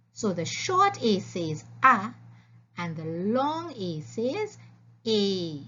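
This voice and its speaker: Slow, husky teacher woman. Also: mid-range voice, fairly bright tone. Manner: slow, clear, instructive, repeating sounds. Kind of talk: phonics lesson narration. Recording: dull lo-fi voice-over.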